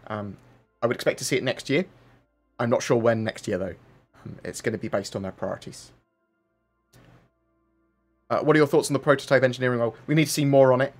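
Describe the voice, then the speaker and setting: A man's voice: medium pitch, fast talker, long pauses, soft background music. A man hosting a casual livestream, reading out viewer questions and answering in a rambling, chatty way with plenty of fillers. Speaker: livestream host.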